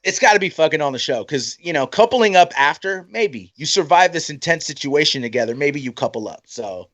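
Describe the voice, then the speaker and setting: A man's voice: fairly high pitch, lively intonation, brisk, a bit bright. Teasing young man, slangy chatter. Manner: laid-back, swears and teases, says "yo" and "bro". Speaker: podcast co-host. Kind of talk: casual chat.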